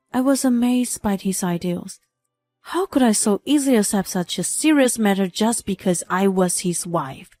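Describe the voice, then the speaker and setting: A young woman narrating a scripted first-person story in a steady, even reading voice. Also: medium pitch, normal speed, dry recording, faint music behind.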